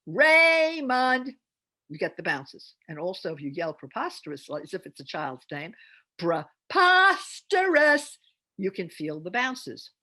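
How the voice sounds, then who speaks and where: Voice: medium pitch, animated, moderate pace, few pauses, bright, forceful tone, husky. A reading teacher giving an instructional talk on phonics, explaining step by step with chatty asides.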